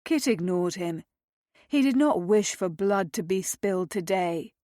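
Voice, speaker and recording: Slow, measured woman narrator. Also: medium pitch, animated, warm tone, dry recording, clean studio sound. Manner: measured, dramatic reading. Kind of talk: audiobook narration.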